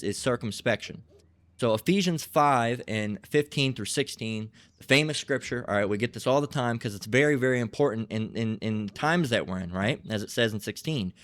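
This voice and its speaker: A man's voice: medium pitch, expressive, moderate pace, dry recording. A man preaching in a blunt, profane, emphatic style, repeating himself and acting out quarrels.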